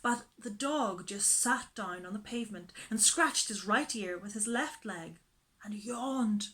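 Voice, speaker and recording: A woman reading a children's storybook aloud in a slow, expressive way. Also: mid-range voice.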